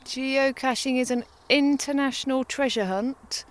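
Female guest, mother, friendly clear explainer, outdoor woodland recording. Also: high voice, steady tone, measured pace. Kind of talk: casual explanation. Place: woods outdoors.

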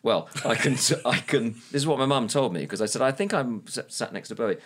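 A man in his fifties, brought up in Scotland, co-hosting a podcast and telling a rambling family anecdote with many halting restarts. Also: medium pitch, lively intonation. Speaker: podcast co-host. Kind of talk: casual chat.

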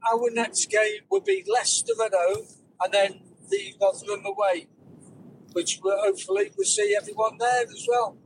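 A man calling in to a casual chat, talking slowly and haltingly with a gravelly voice and laughing easily. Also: sits high, animated, background noise. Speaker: caller.

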